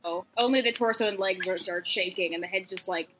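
A woman player in a tabletop role-play session, excitable and laughing, swearing freely. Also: lowish voice, fast talker, noisy background.

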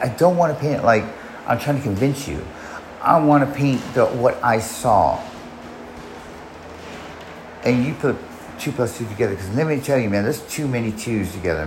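A man with a mid-range, darkish voice casually tells a personal story, rambling, restarting often, and swearing. The low-quality recording has an echoey room and slight background noise.

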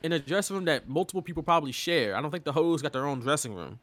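A man's voice: a little high, lively intonation, rapid-fire, a crowd in the background. A man co-hosting a podcast, telling a story in casual chat and laughing often. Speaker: podcast co-host.

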